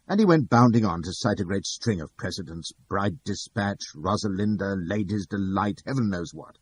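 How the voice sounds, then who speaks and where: A man's voice: sits low, animated, normal speed, hardly any pauses, slight background noise. A man reading a novel aloud in first person, with wry, dry asides. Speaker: audiobook narrator.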